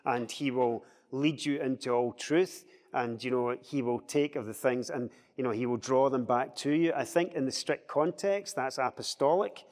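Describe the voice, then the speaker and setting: A man's voice: medium pitch, normal speed, hardly any pauses. Give me a man leading a Bible study in a big echoing hall, bringing the verses to life. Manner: animated, acts out quoted speech in a raised voice.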